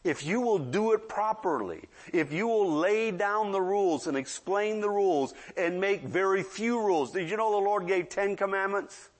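A man's voice: high voice, moderate pace, hardly any pauses. A man in his sixties preaching a sermon in a conversational way, often checking in with the audience and acting out children's voices in asides. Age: 60s.

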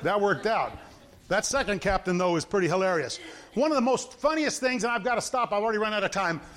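A man's voice: high-pitched, animated, fast talker, a bit bright. A middle-aged man preaching an informal sermon, telling stories with gusto, acting out the characters and laughing at them.

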